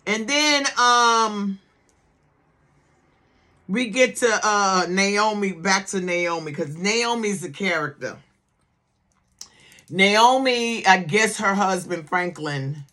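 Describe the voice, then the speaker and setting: A woman reviews a TV series in casual, sassy commentary. She repeats herself for emphasis and keeps checking that the listener is with her. Her voice sits at a middle pitch. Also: slow pace, bright, forceful tone. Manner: sassy, emphatic, keeps asking "okay?" for agreement.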